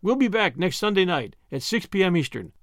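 A man's voice: high voice, big pitch swings, a little fast, no echo, studio quality. A man narrating a classic story and hosting a podcast, reading expressively. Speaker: audiobook narrator and podcast host.

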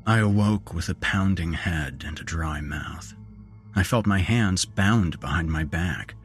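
A man narrating a horror story in a measured, grim way. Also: low-pitched, soft background music.

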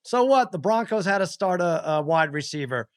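A man co-hosts a podcast, cracking jokes and laughing often. His voice sits a bit high and moves a lot. The sound is close and dry. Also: animated, normal speed, no room sound. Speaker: podcast co-host. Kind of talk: casual podcast chat.

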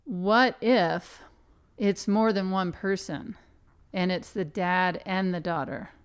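A woman co-hosts a relaxed podcast chat in a smooth, resonant voice. She sounds playfully defensive as she argues over theories with her friend. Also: medium pitch, slow. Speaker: podcast co-host. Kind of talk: casual chat.

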